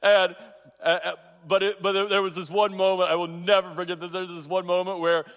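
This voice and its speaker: A man's voice: sits high, level tone, brisk, fairly bright tone. A middle-aged man preaching a sermon, telling stories with restarts and emphatic repeats. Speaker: pastor. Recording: long reverb of a large hall.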